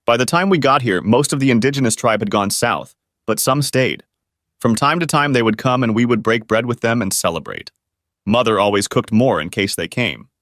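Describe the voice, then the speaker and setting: A man voicing a calm, kindly cowboy spirit from the old West, talking in a folksy Texas accent. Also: mid-range voice, normal speed, dry recording, clean studio sound, close to an everyday voice. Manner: folksy, drawling, reassuring.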